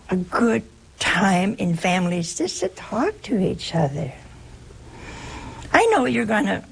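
An older American woman gives a homely spiritual talk in a gravelly, creaky voice. She tells stories in a chatty way and acts out bits of dialogue with a laugh. A faint hiss sits behind her. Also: mid-range voice, poor audio. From United States.

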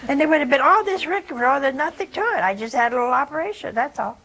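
An older woman, a nun hosting a religious call-in show, telling stories with lively acted-out dialogue. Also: high voice, quick pace, creaky, low-quality recording.

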